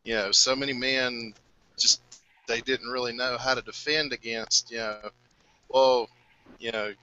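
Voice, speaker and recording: A man's voice: mid-range voice, steady tone, normal speed, bright, forceful tone, dull audio. A man chatting in a casual round-table discussion, wry, slipping into mocking quoted voices. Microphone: online video call.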